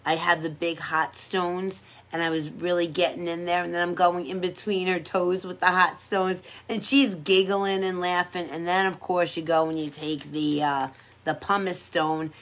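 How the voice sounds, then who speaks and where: A woman's voice: on the low side, fairly bright tone. A woman who works as a pedicure technician, chatting casually on a livestream in a sassy, playful way and laughing often.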